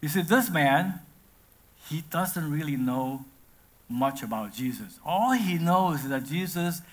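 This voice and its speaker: A man's voice: on the high side, expressive, measured pace. A man preaching a sermon, talking the congregation through the text with many "uh"s and "okay?" check-ins. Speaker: pastor.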